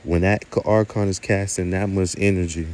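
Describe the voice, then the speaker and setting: A man vlogging outdoors at night in the wind, talking quietly and mellow in a preachy way and swearing often. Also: low voice, fairly even intonation, normal speed. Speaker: spiritual vlogger. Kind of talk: casual outdoor vlog.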